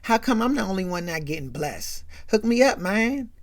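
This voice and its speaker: A woman's voice: medium pitch, sing-song, normal speed, no echo. A woman voicing a pushy teenage classmate who eagerly begs for a favor. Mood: pleading. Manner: eager, begging.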